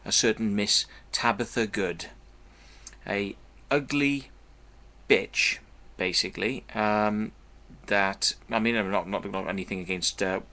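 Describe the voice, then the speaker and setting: A man's voice: on the low side, takes it slowly, bright, forceful tone. A man telling a long story in a blunt, profane, meandering way to his viewers. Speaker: vlogger. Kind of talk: casual storytelling monologue.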